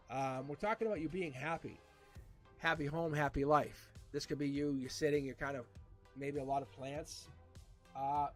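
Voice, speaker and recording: A man giving a casual live tarot reading, animated and repeating himself with frequent restarts. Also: on the high side. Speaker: tarot reader.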